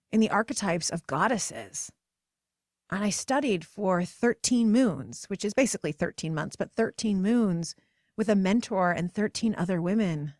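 A pregnant woman in her forties hosting a podcast, telling a personal story in an earnest, emotional way, her voice climbing higher when she gets passionate. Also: no echo, studio quality. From United States. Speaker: podcast host.

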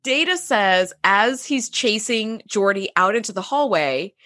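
A young woman co-hosting a casual chat, animated and quick to laugh, leaping up in pitch whenever she quotes someone. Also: no echo, clean studio sound. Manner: animated, laughs often, jumps high in pitch when quoting. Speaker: podcast co-host.

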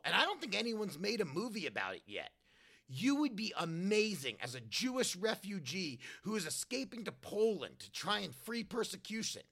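A podcast host reads a comic letter aloud with wide-eyed, earnest innocence. The voice is bright and ringing, and its pitch jumps around eagerly as the reading goes on. The delivery is scripted and deadpan-sincere.

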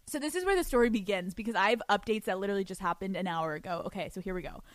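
A young woman hosting a podcast, telling a story in a casual, animated way, swearing freely and laughing often. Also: mid-range voice, very fast, no room sound. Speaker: podcast host.

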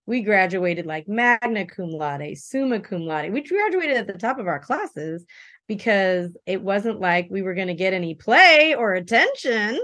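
A woman from Belize, the interview guest, telling her story in an animated, expressive way. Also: mid-range voice, measured pace, no room sound, clean studio sound. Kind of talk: casual interview conversation.

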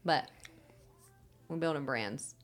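Woman, low voice, podcast host, easy laughter, casual questions. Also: takes it slowly. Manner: laughs often, relaxed questions.

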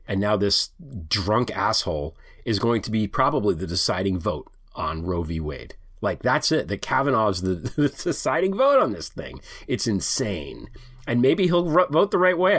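A middle-aged podcast host with a low-pitched, slightly rough voice launches into a heated, swear-filled rant before settling into casual chat. He's animated and profane throughout.

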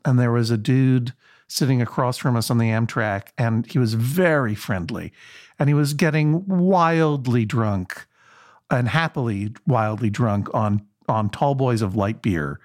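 A man's voice: medium pitch, unhurried, darkish tone. A middle-aged man guesting on a talk show, telling dry, wry anecdotes and acting out the people in them. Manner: dry, wry storyteller who acts out quoted voices. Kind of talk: casual storytelling chat.

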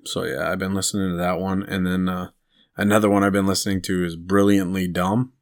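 A man's voice: deep voice, level tone, brisk. A man co-hosting a podcast in casual chat, rambling through stories and laughing at his own jokes. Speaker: podcast co-host.

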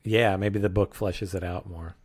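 A man's voice: sits low, steady tone, normal speed, darkish tone, breathy edge. A man co-hosting a podcast, reviewing a film in casual chat, rambling and hesitant. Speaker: podcast co-host.

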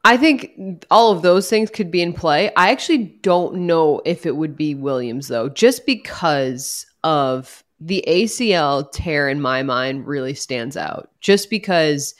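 A woman on a football talk show, giving a measured take and weighing both sides. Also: deep voice, lively intonation. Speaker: sports reporter. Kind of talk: sports talk discussion.

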